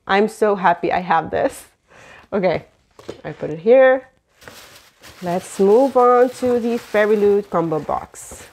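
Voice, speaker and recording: A woman's voice: mid-range voice, a little mellow. A woman book vlogger talking through an unboxing, gushing with frequent gasps and exclamations. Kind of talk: unboxing vlog chat.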